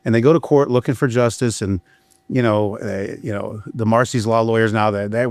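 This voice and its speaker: A man's voice: medium pitch, brisk, dry recording. Blunt, profane man on a dry mic. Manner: blunt and profane, storytelling with frequent restarts. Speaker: criminal defense attorney. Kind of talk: candid podcast conversation.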